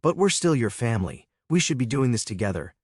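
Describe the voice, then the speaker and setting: A man voicing a middle-aged father who puts on a fake warm tone and scolds his son. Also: mid-range voice, sing-song, brisk, no room sound, clean studio sound. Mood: pleading, scolding. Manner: scolding, guilt-tripping.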